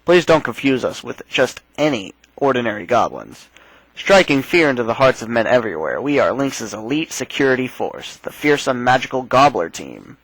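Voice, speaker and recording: A man's voice: mid-range voice, big pitch swings, moderate pace, a bit bright, no echo, poor audio. A man hosting a let's play, casually reading a text game aloud and adding his own asides. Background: faint game music.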